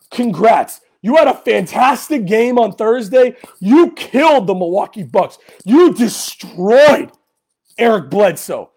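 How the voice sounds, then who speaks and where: A man hosting a sports podcast, delivering a heated fan rant and often yelling in anger. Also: very high-pitched. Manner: angry, yelling at times.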